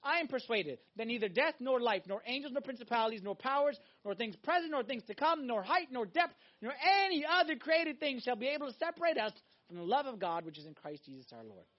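A man preaching a sermon, emphatic and animated, swinging between loud exhortation and hushed intensity. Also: very high-pitched, quick pace, hardly any pauses. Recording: dull lo-fi recording.

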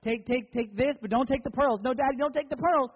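A man's voice: fairly high pitch, expressive, unhurried, breathy edge, muffled recording. A man voicing a young girl who pleads over and over to keep her pearls. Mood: desperate. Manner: pleading, repeating herself.

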